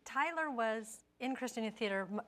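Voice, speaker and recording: A woman guest on a talk show, a parent telling a personal story in a lively, anecdotal way. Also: a little high, normal speed.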